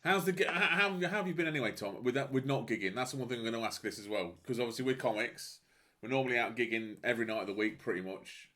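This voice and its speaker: A man's voice: mid-range voice, quick pace, bright, forceful tone. A man hosting a podcast from home by video call, chatting casually and joking with a fellow comedian. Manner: jokey, laughs often. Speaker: podcast host. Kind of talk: casual chat.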